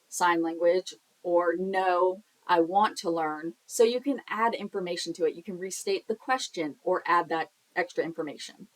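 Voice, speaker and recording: A woman's voice: on the low side, poor audio. A young woman teaching a sign language lesson in a casual, chatty way, explaining with examples and the occasional filler.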